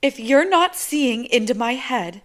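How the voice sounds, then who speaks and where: A woman reading an audiobook, voicing an anxious, intense teenage girl who is suspicious and quick to take offense. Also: animated. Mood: frightened, suspicious. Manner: tense, quick, high-strung. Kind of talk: audiobook character voice.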